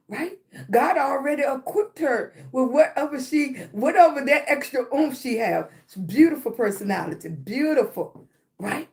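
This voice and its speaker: Woman, high-pitched voice, motivational live-stream talk, congested chest, repeats "right?". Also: lively intonation, normal speed. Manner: repetitive, keeps asking "right?". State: chest congestion, clearing her throat.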